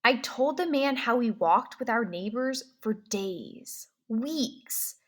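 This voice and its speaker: A woman reading a novel aloud in the first person, pausing to ask comprehension questions, slow and clear. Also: a little high, animated. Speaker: reader.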